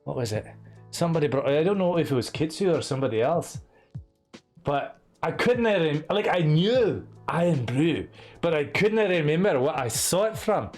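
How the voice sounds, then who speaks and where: Man, put-on Scottish accent, casual and profane gaming chat, slightly high voice, soft music under it. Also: expressive, normal speed. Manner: chatty, profane, jokey. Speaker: streamer. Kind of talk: casual gameplay commentary.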